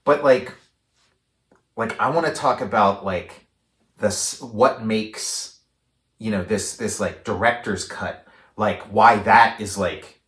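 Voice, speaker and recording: A man's voice: lowish voice, takes it slowly, pauses often. A man co-hosting a podcast, chatting casually about a film with lots of fillers and restarts. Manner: rambling, many fillers, animated acted-out quotes. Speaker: podcast co-host. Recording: roomy echo.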